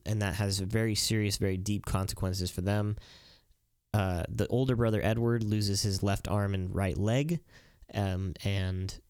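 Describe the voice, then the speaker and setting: A man's voice: on the low side, a little mellow, clean tone, no echo, studio quality. A man co-hosting a podcast in casual chat, talking earnestly and rambling, easily moved. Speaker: podcast co-host.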